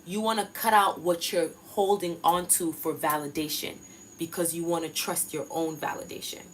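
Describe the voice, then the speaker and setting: A woman's voice: on the low side, steady tone, moderate pace, a little hiss or hum. A young woman talking casually and slangily to her followers, giving motivational self-help advice. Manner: casual, slangy, addresses viewers as y'all.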